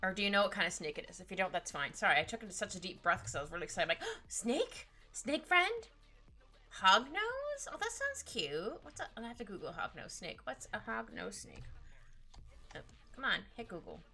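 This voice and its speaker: A woman chatting casually with her stream while she draws, rambling, giggly and easily excited. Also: on the low side, fast talker, vocal fry, faint music behind. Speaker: streaming artist.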